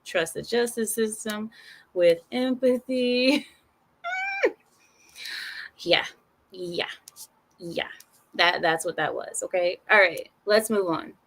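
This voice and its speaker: A woman of Arab heritage giving casual news commentary, sarcastic and animated, with rambling restarts. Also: mid-range voice, slow pace, pauses often, a little hiss or hum. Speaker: commentary channel host.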